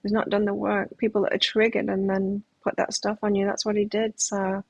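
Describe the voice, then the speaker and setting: A woman's voice: medium pitch, completely flat delivery, a little fast, vocal fry, a little mellow, slightly rough, no room sound, poor audio. A middle-aged woman giving a live tarot reading, talking in a reflective, self-help manner with frequent restarts. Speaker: tarot reader.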